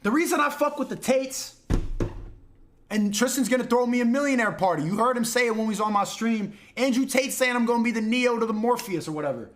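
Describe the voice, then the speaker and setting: A man with a very high voice rants to his livestream chat. He mocks, swears and bursts into shouting. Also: brisk. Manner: loud mocking, profane, shouting. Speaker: streamer.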